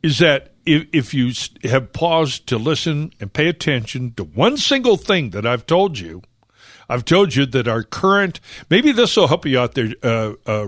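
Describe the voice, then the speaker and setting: A man hosting a political talk radio show, opinionated and halting, with many fillers and restarts. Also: mid-range voice, fairly bright tone, no echo, studio quality.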